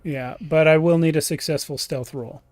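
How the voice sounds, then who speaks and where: A man narrating as game master of a tabletop game, relaxed and chatty, livening up during action. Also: fairly high pitch, moderate pace, no echo, faint music behind. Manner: relaxed, with fillers and restarts, lively when describing action.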